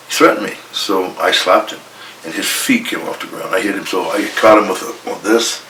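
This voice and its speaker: A man's voice: low-pitched, steady tone, brisk, sharp tone, slight background noise. A man, a former wrestler, bluntly telling an old backstage story in an interview and acting out each argument with plenty of swearing. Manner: blunt, profane, retells arguments in quoted dialogue. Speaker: retired pro wrestler guest. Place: indoor room with a coffee maker. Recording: echoey room, distant mic.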